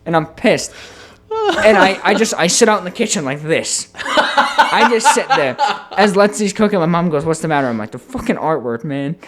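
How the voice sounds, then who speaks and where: A man co-hosting a podcast, telling a story in casual chat with an animated, profane manner. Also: fairly high pitch, normal speed, a little hiss or hum. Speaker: podcast co-host.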